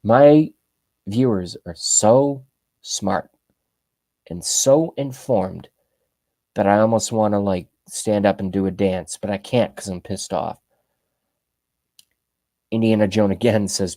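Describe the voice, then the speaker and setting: Brief: livestream host, man in his 30s, low pitch, dry close sound, sarcastic and rambling. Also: dark tone, no echo. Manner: sarcastic, rambling, talks to the chat. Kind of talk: ranting opinion commentary.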